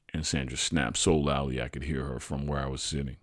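Very deep-voiced male storyteller. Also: fairly quick, hardly any pauses, no echo, studio quality. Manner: expressive, animated storytelling. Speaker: podcast host and narrator. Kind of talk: dramatic reading of a true family story.

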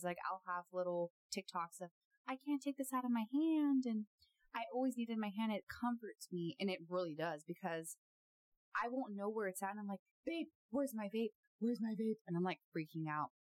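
A young woman hosting a casual podcast, telling a story in an animated, giggly way with lots of fillers. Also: mid-range voice, a little fast, no echo. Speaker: podcast host.

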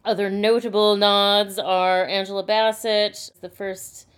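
A woman's voice: mid-range voice, little pitch movement, clean tone. Woman hosting a chatty movie podcast. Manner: brisk, reads facts then jokes. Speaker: podcast host. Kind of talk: casual movie podcast chat.

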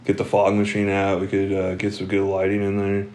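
A man's voice: deep voice, monotone, fairly quick, a little mellow. A young man telling stories in casual chat, rambling, laughing often and swearing freely. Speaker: podcast co-host.

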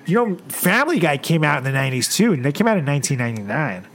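A man co-hosting a casual talk show, laid-back and animated, swearing often as he tells stories. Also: a little high, very fast. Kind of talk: casual chat.

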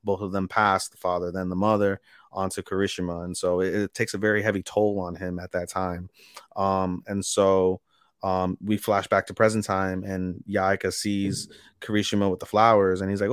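Low-voiced man recapping an anime. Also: normal speed, smooth, no room sound, studio quality. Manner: animated retelling, acting out character lines. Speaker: podcast co-host. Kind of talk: casual anime podcast chat.

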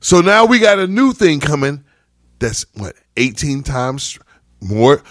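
A man's voice: a little high, very animated, slow pace, fairly bright tone, a little hiss or hum. A man on a casual podcast panel, ranting heatedly and emphatically, with frequent cursing.

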